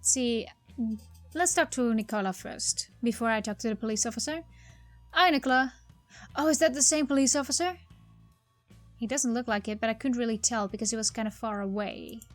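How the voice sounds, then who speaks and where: A woman's voice: on the high side, a little fast, faint music behind. A woman playing a story game and reading it aloud, with wry, casual asides. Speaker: game player.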